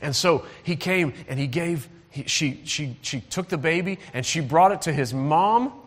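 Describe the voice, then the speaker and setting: Man, children's preacher, animated storytelling, higher voice, very lively pitch, long echo of a big hall. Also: unhurried. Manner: lively, asks the audience to call out and join in.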